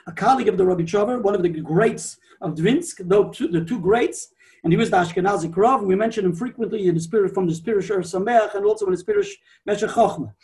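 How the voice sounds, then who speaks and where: High-voiced man teaching a Torah class. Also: quick pace, darkish tone, recorded from a distance. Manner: explanatory, digressive, repeats himself.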